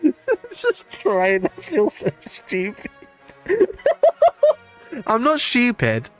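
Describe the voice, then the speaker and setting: A male streamer thinks aloud over a word puzzle and keeps laughing at his own mistakes. His slightly high voice swings widely in pitch, and his slow, drawn-out words are laced with swearing. Soft music plays faintly underneath. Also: huge pitch swings. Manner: talks to himself, self-mocking, laughs often, swears. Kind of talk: live-stream puzzle gameplay chatter.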